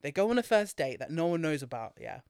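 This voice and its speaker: A speaker, co-hosting a casual podcast and retelling a film in an animated way, laughing often and swearing freely. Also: medium pitch, fast, smooth, dry recording, studio quality. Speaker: podcast co-host.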